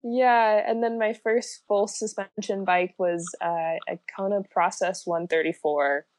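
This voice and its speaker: A woman's voice: medium pitch, steady tone, unhurried, dry recording. A young woman chatting casually as a podcast guest, laughing often and filling with lots of likes and ums. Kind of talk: casual chat.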